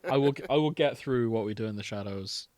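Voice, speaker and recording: A man's voice: fairly low pitch, darkish tone, no room sound. Podcast host, young man, laughs a lot, dry booth sound. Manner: laughs often, quick asides. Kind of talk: casual chat.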